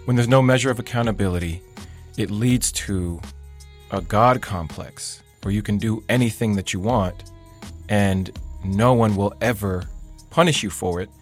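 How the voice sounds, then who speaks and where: Solemn low-voiced male podcast host. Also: faint music behind. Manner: solemn, measured, deliberate. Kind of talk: earnest podcast narration.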